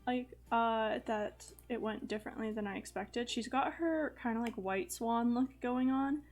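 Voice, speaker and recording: A woman's voice: on the high side, measured pace, darkish tone. Chatty young woman narrating her gameplay. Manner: chatty, frequent fillers and light laughs. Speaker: gaming video host. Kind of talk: casual let's-play commentary.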